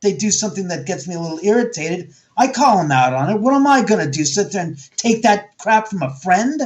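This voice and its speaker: A man's voice: high voice, very animated, a little fast. Guy telling stories in an interview, swears a lot, voice all over the place. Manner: blunt, profane, storytelling with acted quotes. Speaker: guest, haunted house owner. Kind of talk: animated interview talk.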